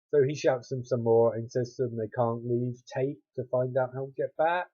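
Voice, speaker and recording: A man rambles through a recap of a bad horror movie, dropping dry, sarcastic asides as he goes. His voice is dark and mellow, and the recording sounds dull and lo-fi. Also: mid-range voice. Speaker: movie reviewer.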